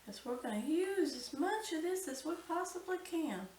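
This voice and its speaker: A woman's voice: very high voice, expressive, normal speed, a little mellow, echoey room, distant mic, slight background noise, rough recording. A woman hosting a cooking channel, talking through a recipe step by step and exclaiming with delight.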